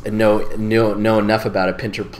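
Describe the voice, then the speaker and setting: A man in his forties talks as a guest in a casual podcast interview, his voice sitting a little low. He tells his stories in a rambling way, often stopping to correct himself before pressing on. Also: level tone, fairly quick, a little mellow, a little hiss or hum. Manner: rambling, self-correcting storyteller. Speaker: improv director and teacher, podcast guest.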